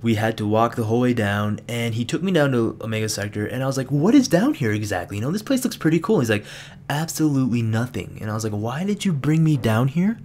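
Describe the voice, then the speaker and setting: Animated young man telling a game story. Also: mid-range voice, fast. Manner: animated, laughs often, acts out quoted lines. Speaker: gaming vlogger. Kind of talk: casual storytelling vlog.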